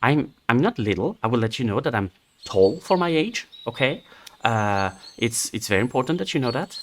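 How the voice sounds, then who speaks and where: A man's voice: mid-range voice, very animated, normal speed, natural voice. A man doing a touchy little goblin with a French accent. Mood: defensive. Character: small proud male goblin guard, touchy.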